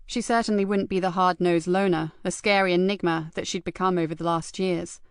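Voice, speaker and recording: A woman narrating an audiobook in a measured, even storytelling manner. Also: on the low side, clean tone, no echo, studio quality. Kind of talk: scripted narration.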